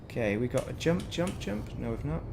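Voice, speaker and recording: A man's voice: medium pitch, expressive, fast talker, noisy background. A man with a Northern English accent, chatting casually while commentating his gameplay stream and wandering into rambling, self-mocking asides. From Northern England. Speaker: gaming streamer.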